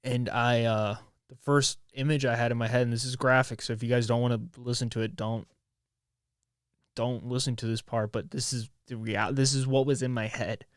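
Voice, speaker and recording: A man's voice: medium pitch, level tone, normal speed, clear, resonant tone, no echo, clean studio sound. A man in his twenties hosting a solo podcast, speaking candidly in a rambling, raw way with frequent restarts and swearing. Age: 20s. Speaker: podcast host.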